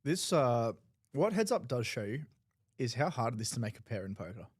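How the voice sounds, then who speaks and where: A man's voice: mid-range voice, sing-song, moderate pace, slightly rough, no room sound, clean studio sound. A man with an Australian accent breaking down poker hands in live commentary, analytical and loose, full of filler words.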